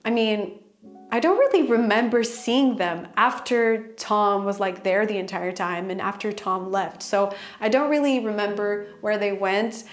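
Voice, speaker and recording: Young woman, storytime vlog, chatty, excited, fillers, faint background music. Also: medium pitch, unhurried. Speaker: vlogger.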